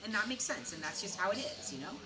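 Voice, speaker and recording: Loud music plays behind a medium-pitched, animated, fast voice: a young American woman streaming a game while tipsy. Chatting casually, she meanders through a story with plenty of fillers, heard through a distant mic amid background noise.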